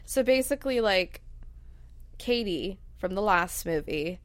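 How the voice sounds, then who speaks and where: Brief: mid-pitched woman, patient explainer, laughs easily, dry close sound. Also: lively intonation, unhurried, dry recording. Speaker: movie watch-along co-host. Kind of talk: casual chat.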